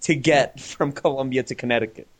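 A man's voice: mid-range voice, steady tone, brisk. Rambling man telling a story. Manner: rambling anecdotal storytelling with fillers and restarts; chuckles while talking. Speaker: comic artist telling a travel story. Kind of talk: casual podcast chat.

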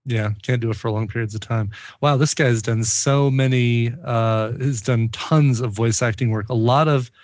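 A man's voice: mid-range voice, steady tone, normal speed, few pauses, no echo. A man co-hosting a casual movie podcast, chiming in with cast trivia. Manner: informative, interrupts with trivia. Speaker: podcast co-host who looks up cast details. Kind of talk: casual movie commentary chat.

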